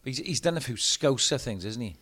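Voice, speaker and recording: A man's voice: medium pitch, expressive, brisk, a crowd in the background. Easygoing man in casual chat.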